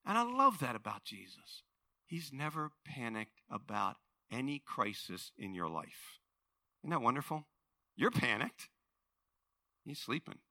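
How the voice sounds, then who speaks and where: A male pastor preaching a sermon, telling a story with animated voices and swinging from hushed to loud. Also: medium pitch, a little slow, vocal fry, no echo.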